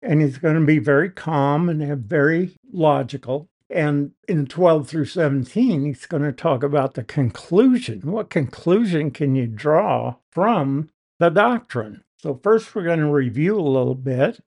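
Slow, emphatic man teaching scripture. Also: on the high side, lively intonation, darkish tone. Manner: explanatory, emphatic on key words. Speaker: Bible teacher. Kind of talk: verse-by-verse Bible teaching.

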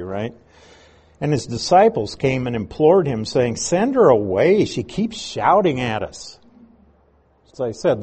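A man's voice: mid-range voice, a little mellow, breathy edge. A man teaching a Bible passage, reading verses aloud and explaining Greek words.

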